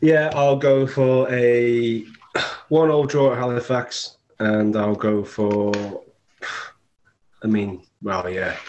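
Male co-host, lowish voice, loose and rambling. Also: a little mellow, dull audio, slight background noise. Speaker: podcast co-host. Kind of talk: casual football podcast chat.

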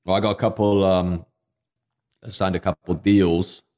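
This man co-hosts a podcast in a deep, warm, steady voice at a moderate pace. His casual chat is relaxed and rambling, packed with fillers.

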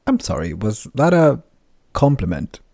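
A man's voice: medium pitch, very animated, unhurried, vocal fry, a little mellow, breathy edge, no echo, clean studio sound, pitched above the performer's own voice, full character voice. A man voicing a brash, teasing female magic healer who talks breezily and sarcastically, with plenty of fillers.

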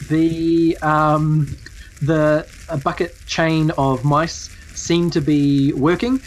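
A woman's voice: deep voice, level tone, very slow, darkish tone, slight background noise, low-quality recording. A woman narrating a tabletop game as game master, hesitant with many fillers.

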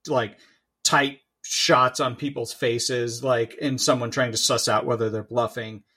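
A man's voice: mid-range voice, fairly even intonation, unhurried, pushed and bright, slightly rough. Rambling man in casual podcast chat. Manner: rambling, heavy fillers, casual swearing. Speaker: podcast co-host.

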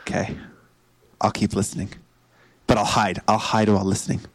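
A man's voice: lowish voice, flat delivery, normal speed, no room sound. A man playing a tabletop game, cracking jokes and laughing at the table. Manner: jokey, laughing banter. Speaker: player.

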